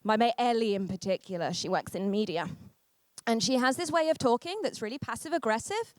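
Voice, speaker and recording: A young woman performs a stand-up set in a fairly high voice. She is sardonic and self-deprecating and throws quick asides at the crowd. The sound is dry and close. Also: expressive, no echo. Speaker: stand-up comedian.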